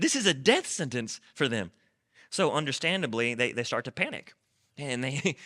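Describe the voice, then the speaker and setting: A man's voice: on the high side, sharp tone. A man preaching a sermon as pastor, speaking conversationally, repeating words and asking rhetorical questions.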